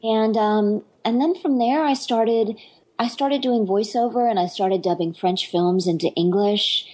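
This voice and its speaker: A woman's voice: medium pitch, unhurried, a little mellow, low-quality recording. A middle-aged woman, an actress and dialect coach, chatting eagerly in an interview with lots of fillers and restarts. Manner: enthusiastic, rambling, many fillers and restarts. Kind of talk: casual interview chat.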